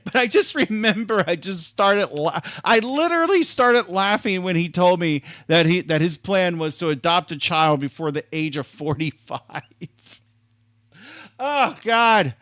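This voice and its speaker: A man's voice: high-pitched, lively intonation, unhurried, a bit bright, dry recording, clean studio sound. A man hosting a livestream, telling a story in a casual, chatty way with lots of filler words and the odd swear. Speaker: livestream host.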